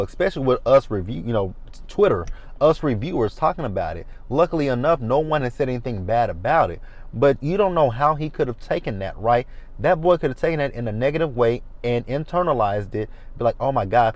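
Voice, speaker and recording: A man giving a sassy, animated, swearing commentary on a reality TV episode. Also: medium pitch. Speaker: reality TV reviewer. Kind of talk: casual commentary.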